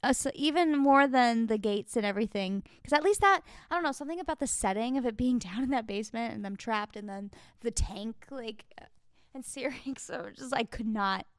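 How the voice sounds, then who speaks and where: A young woman co-hosting a casual book podcast, reacting with lively enthusiasm. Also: fairly high pitch, fairly quick, dry recording, studio quality. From Los Angeles area. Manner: animated, excitable reactions. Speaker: podcast co-host. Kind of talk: casual chat.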